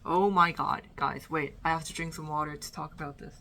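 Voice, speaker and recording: A woman's voice: sits low, steady tone, fairly quick, creaky, a bit bright. A young woman ranking movies she has watched in a casual, rambling chat from her bedroom, a little out of breath. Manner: chatty, rambling, fillers and trailing restarts. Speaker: vlogger.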